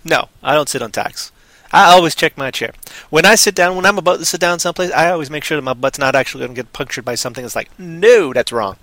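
A tired man rambling on a casual podcast, goofy, with sudden loud silly outbursts. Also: on the high side, fast talker, no room sound. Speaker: podcast co-host.

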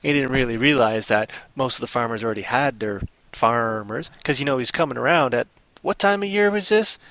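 Playful, bright-voiced male livestream storyteller. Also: medium pitch, brisk, no room sound. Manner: playful, rambling, reads chat aloud. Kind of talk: casual improvised storytelling.

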